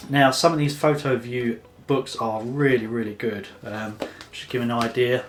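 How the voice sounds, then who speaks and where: A man's voice: mid-range voice, fairly even intonation, normal speed. A man giving a casual photography tutorial to camera, chatty and loose, with plenty of fillers and restarts. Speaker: photography vlogger.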